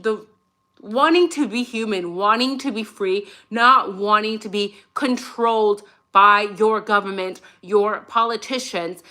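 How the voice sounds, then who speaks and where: A woman's voice: medium pitch, sharp tone. A woman hosting her own channel, talking through her opinions in a loose, conversational way and tagging her points with "right?". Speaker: channel host. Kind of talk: casual opinion commentary.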